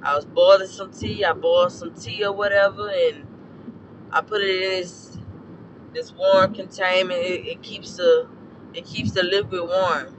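A hoarse man with a fairly high voice delivers a blunt, cuss-filled rant about parenting. His tone is preachy and direct. Loud traffic and outdoor noise sit clearly behind him. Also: big pitch swings, unhurried, lo-fi sound. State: hoarse from a scorched throat. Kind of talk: casual opinion rant.

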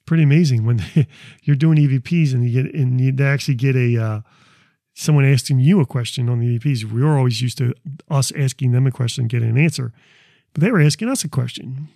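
Man, gravelly voice, dark and mellow tone, dry close sound, rambling casual talk with restarts. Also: medium pitch, quick pace, dry recording. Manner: rambling, repeats words, restarts often. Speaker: paranormal investigator presenting recordings.

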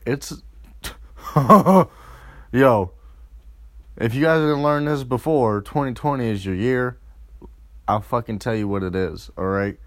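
A man's voice: mid-range voice, a bit bright, dry recording. A young man delivering a crude, profane comedic rant, rambling and mocking.

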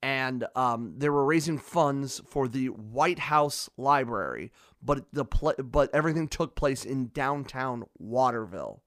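A man's voice: mid-range voice, unhurried, hardly any pauses, a bit bright, no room sound, clean studio sound. A young man with a Midwestern American accent hosting a podcast, telling stories in a loose, rambling way with lots of restarts and fillers. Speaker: podcast host. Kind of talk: casual interview chat.

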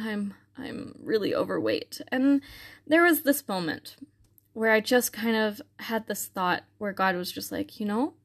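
A young woman telling a personal faith story in a casual, earnest way, with many fillers and restarts. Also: fairly high pitch. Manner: earnest and reflective.

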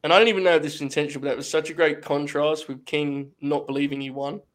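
A fairly high-voiced man hosts a loose, casual review podcast. He talks with lively energy, swears freely and breaks into laughter often. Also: fast talker. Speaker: podcast host. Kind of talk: casual wrestling review chat.

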